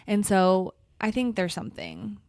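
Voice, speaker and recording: A woman in her thirties co-hosting a podcast, telling a story with animated quotes and lively voices for other people. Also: medium pitch, a little slow, no echo, clean studio sound. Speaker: podcast co-host. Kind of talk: casual chat.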